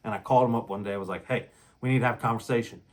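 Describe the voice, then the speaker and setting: A man's voice: on the low side, steady tone, rapid-fire. A man hosting a relationship talk channel, speaking in a blunt, heated casual monologue and acting out quotes as he tells his story.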